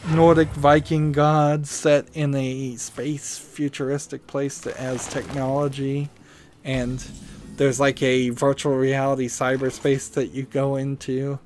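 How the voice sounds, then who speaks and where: A man's voice: mid-range voice, flat delivery, takes it slowly, a little mellow, soft background music. A man hosting a gaming video, musing and rambling as he thinks aloud while playing.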